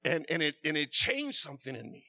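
High, bright male preacher, impassioned sermon delivery, stammers, swings from hushed to shouting. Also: very animated, brisk, dry recording.

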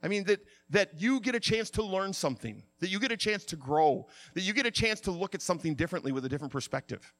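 A middle-aged man preaching a sermon, telling stories in an animated way and acting out the shouts himself. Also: high-pitched, fast, hardly any pauses, no room sound. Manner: animated storytelling, acts out shouts. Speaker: pastor.

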